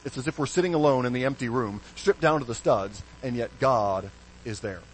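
A man preaching a sermon as pastor, animated, with hushed low stresses and sudden bright emphasis. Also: brisk, slight background noise, rough recording.

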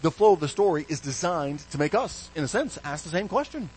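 Animated man preaching a sermon. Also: on the high side, brisk, a little hiss or hum, poor audio. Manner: animated, swings between hushed stresses and bright emphasis. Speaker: pastor.

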